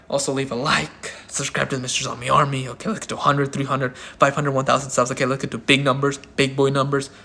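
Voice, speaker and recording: A man's voice: a little high, fairly bright tone. A man ranting through his opinion commentary as a channel host, swearing often and hammering each point with emphatic repetition. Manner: profane, heated and emphatic.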